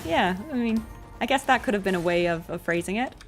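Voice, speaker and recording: A woman's voice: medium pitch, lively intonation, a little fast, faint music behind. A woman, a voice actor and streamer, chatting casually while gaming and giving earnest advice with frequent ums.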